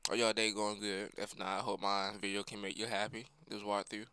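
A man's voice: on the low side, flat delivery, a little fast, pushed and bright, smooth, no room sound, clean studio sound. A young man casually commenting on a game he is playing, rambling in slang and chatting to his viewers. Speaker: gaming streamer.

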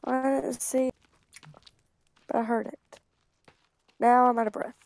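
A woman with a high voice chatting while she plays a game with friends. She is excitable and quick to point things out. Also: gravelly, no echo. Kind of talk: casual gaming chat.

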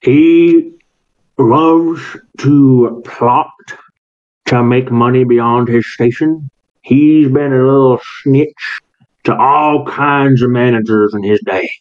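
A man puts on a rough small-town miner who drawls his insults and swears in every sentence. He sounds scornful and cocky, talking down to a kid he thinks is a fool. The recording is a little dull and muffled. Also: medium pitch, close to an everyday voice. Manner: swaggering, profane, drawling.

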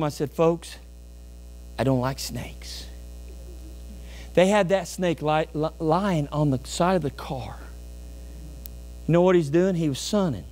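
A man preaching a sermon as pastor in a church, emphatic, with sudden loud bursts and folksy storytelling asides. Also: on the high side. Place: church sanctuary.

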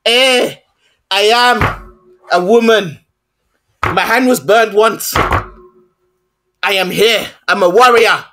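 Halting stiff woman warrior, as a man mocks her, slow and high, drawn-out words. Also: noisy background. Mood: mocking.

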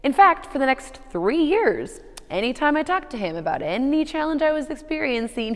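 A woman's voice: high voice, expressive, normal speed, few pauses. Woman preaching in a reverberant church. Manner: storytelling, conversational with playful asides. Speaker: pastor. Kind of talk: sermon.

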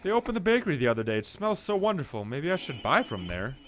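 A young man giving excitable commentary while playing a horror game, reading its dialogue aloud. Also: a little high, quick pace, a little hiss or hum. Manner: excitable, jumpy, shouting at scares. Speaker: let's play gamer.

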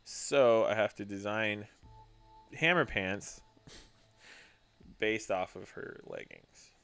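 A man's voice: on the low side, slow pace, gravelly, fairly bright tone, clear, resonant tone, soft background music. A male artist host chatting casually while drawing live, laughing often and slipping into silly voices.

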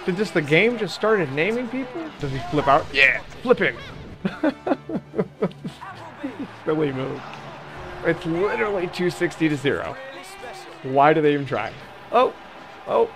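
A man's voice: sits high, very animated, moderate pace. A young man giving casual, joking commentary as he plays a video game, chatty and self-mocking. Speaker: gaming channel host. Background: game music.

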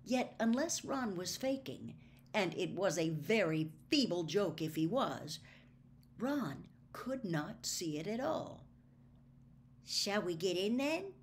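Slow, expressive woman reading a storybook. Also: on the low side, slight background noise. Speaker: audiobook reader.

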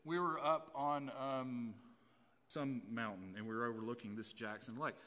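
A man's voice: medium pitch, steady tone, normal speed, sharp tone. A man preaching a sermon as pastor, chatty and folksy, often restarting his sentences. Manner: folksy and conversational, with frequent restarts. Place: church sanctuary. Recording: long church hall reverb.

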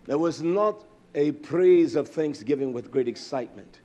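A male preacher delivering a fiery sermon, swinging between low drawn-out phrases and shouted lines. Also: animated. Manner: chants and sings repeated words.

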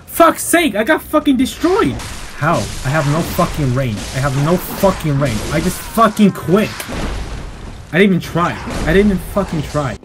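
A man giving profane, jumpy commentary while playing a video game, swinging between yelling outbursts and self-mocking jokes. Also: fairly high pitch, animated, normal speed, music in the background. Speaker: gameplay streamer. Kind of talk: live gameplay commentary.

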